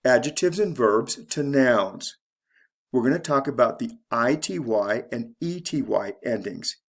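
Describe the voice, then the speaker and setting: Slow gravelly male English teacher. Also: medium pitch, animated. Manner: reads word pairs, spells endings letter by letter. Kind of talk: slow, deliberate pronunciation lesson.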